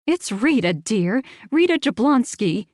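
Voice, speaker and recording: A narrator playing a gossipy townswoman, high-pitched, rapid-fire questions, breathless, dry close sound. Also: very animated, a little mellow, dry recording. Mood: frantic. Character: excitable gossipy small-town woman.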